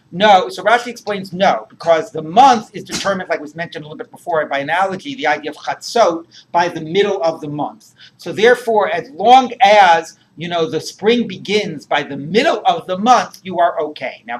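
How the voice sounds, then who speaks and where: A man's voice: high-pitched, slight background noise. A man teaching a Talmud class, translating Aramaic phrases line by line, chatty and prone to jokes.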